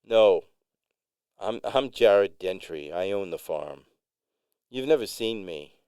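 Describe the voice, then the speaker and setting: Give me a shy stammering farmer lad with a smooth, slow voice, as a man acts him. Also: low-pitched, expressive, a little mellow, no room sound, clean studio sound, heavily acted. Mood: nervous. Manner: hesitant, stammering. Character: shy young male farmer, awkward, nervous.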